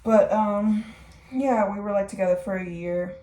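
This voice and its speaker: A woman's voice: medium pitch, steady tone, moderate pace, mellow. A young woman telling her personal story in a rambling way, filling her talk with "like" and "um". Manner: rambling, heavy use of "like" and "um". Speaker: vlogger. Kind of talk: personal testimony. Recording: echoey room from far off.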